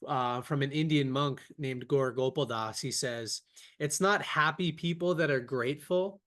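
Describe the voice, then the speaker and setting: A man's voice: mid-range voice, a little slow, fairly bright tone. A young man hosting a podcast over a video call, speaking in an enthusiastic, upbeat way as he tells stories. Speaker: podcast host. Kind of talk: casual podcast interview.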